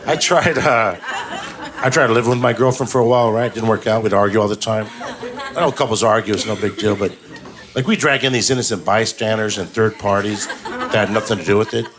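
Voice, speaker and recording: A man's voice: lowish voice, a little fast. A man doing a stand-up comedy set, crude and rambling, acting out other people's lines. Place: comedy club stage. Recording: live club set with loud crowd laughter and noise.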